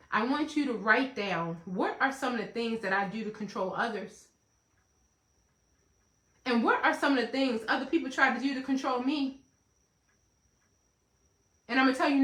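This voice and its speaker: High bright-voiced woman coaching emphatically. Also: roomy sound. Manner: emphatic and repetitive, with playful asides. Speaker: life coach hosting a self-help talk. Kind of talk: motivational talk.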